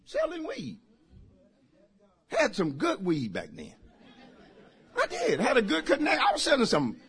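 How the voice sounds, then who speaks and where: Animated preacher man. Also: extremely high pitch, a little slow, slightly rough, a faint crowd. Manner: animated preacher, shouting and laughing with the congregation. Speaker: pastor. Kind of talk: sermon.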